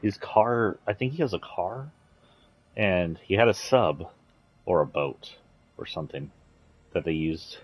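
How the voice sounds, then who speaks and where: A man's voice: sits low, lively intonation, measured pace, pauses often, dry recording. A man streaming a video game, chatting casually in an offhand, rambling way and swearing now and then. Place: indoors, playing a video game.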